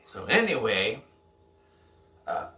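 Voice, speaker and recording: A man's voice: lowish voice, wildly swooping pitch, very slow, sharp tone. A man giving a casual, rambling movie review, often correcting himself and unsure of details. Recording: echoey room, somewhat far from mic.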